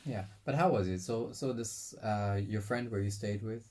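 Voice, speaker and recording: A man's voice: on the low side, normal speed, darkish tone. A man interviewing a guest, asking short, probing questions. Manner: brief probing questions and backchannels.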